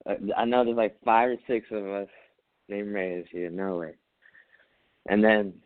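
A man, a Marine veteran, telling a story as an interview guest, animated, acting out his own quotes and laughing often. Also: fairly low pitch, a little slow, pauses often, dry recording, narrow, tinny audio. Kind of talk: casual storytelling.

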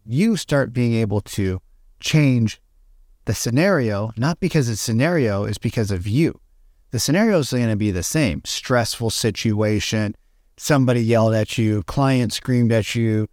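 A man's voice: medium pitch, darkish tone, no echo, clean studio sound. A man speaking as a podcast guest, coaching listeners in a motivational talk and often repeating phrases. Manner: coaching, repetitive, addresses listeners as "you guys".

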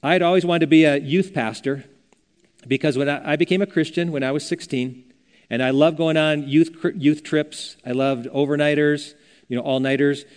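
A man's voice: a little high, steady tone, moderate pace, a little mellow, smooth. An older man preaching a sermon as a pastor, earnest and conversational, telling stories as he teaches. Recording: long reverb of a church hall.

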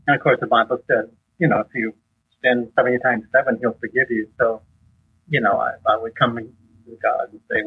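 A husky-voiced man talks through a thin, tinny phone line like an interview guest on a call. He tells stories animatedly and his voice jumps upward whenever he acts out someone else's lines. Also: fast talker. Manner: animated storyteller, acts out dialogue with rising pitch. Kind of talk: conversational teaching on faith.

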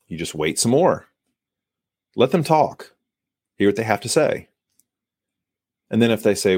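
Emphatic, low-voiced male sales coach. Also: expressive, moderate pace, pauses often, darkish tone, no echo, clean studio sound. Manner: emphatic, coaching, acts out buyer and seller lines. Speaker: sales podcast host. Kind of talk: solo podcast advice monologue.

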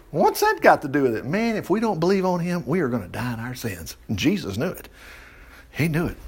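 Animated folksy preacher man. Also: high-pitched. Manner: folksy, animated, exclaims asides. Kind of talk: informal Bible teaching and prayer.

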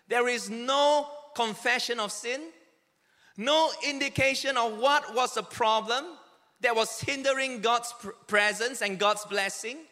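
High-voiced preacher in a reverberant hall. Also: male voice, pushed and bright. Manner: earnest, emphatic preaching with dramatic quoted cries. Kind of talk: sermon. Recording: long reverb of a large hall.

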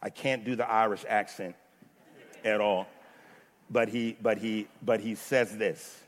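A man's voice: fairly low pitch, fairly even intonation, a little slow, pauses often. A male pastor preaching a sermon, building to fervent repeated lines between chatty asides. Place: church sanctuary. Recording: long reverb of a large hall.

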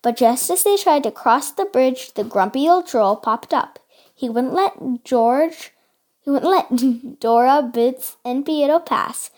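A woman's voice: high-pitched, animated, slow, a little mellow. A woman reading a children's storybook aloud, carefully and with small slips. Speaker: storybook reader.

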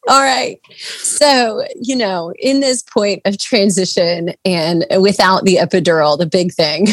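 A woman's voice: on the low side, unhurried, dry recording. A woman co-hosting a casual faith podcast, talking in an earnest, reflective way with frequent fillers. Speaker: podcast co-host.

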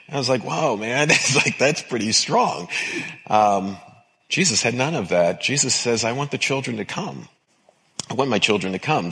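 Expressive male pastor preaching. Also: medium pitch. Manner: expressive preaching with emphatic repetition. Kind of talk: sermon.

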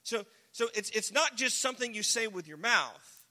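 A man preaching a casual, joking sermon, now and then shouting single words for emphasis. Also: high-pitched, lively intonation, moderate pace. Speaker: pastor. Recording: long hall reverb.

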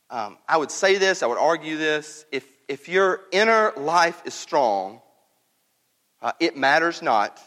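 A man's voice: mid-range voice, fairly bright tone, in a large hall. A male pastor preaching a sermon in a conversational, emphatic way, often repeating words for stress. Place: church.

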